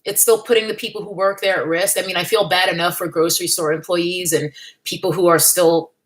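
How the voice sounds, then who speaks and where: A woman's voice: on the low side, fairly even intonation, fairly quick. A young woman hosting a casual livestream from home, chatty and wry, laughing often and greeting viewers by name. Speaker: livestream host. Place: at home in California.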